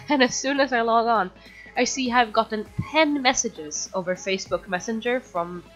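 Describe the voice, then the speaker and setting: A woman's voice: on the high side, moderate pace, a bit bright, highs cut off, soft background music. A woman casually telling a personal story, rambling with lots of fillers and restarts. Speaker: storytime video creator.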